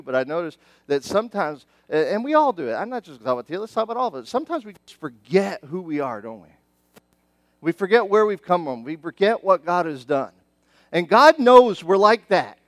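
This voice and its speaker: High-voiced middle-aged man preaching. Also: no room sound. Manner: animated, conversational preaching with many restarts. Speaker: pastor. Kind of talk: sermon.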